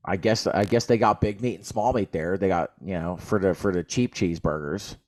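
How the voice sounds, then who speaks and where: A man's voice: deep voice, fairly quick. A man, co-hosting a podcast and telling a rambling, profane story in casual chat. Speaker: podcast co-host.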